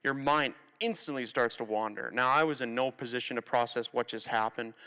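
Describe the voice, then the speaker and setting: A man's voice: medium pitch, fairly quick, pushed and bright, clear, resonant tone. A Canadian man in his twenties giving a candid personal story talk to students from a theatre stage, speaking conversationally and acting out quotes. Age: 20s. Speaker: motivational speaker. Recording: reverberant hall recording.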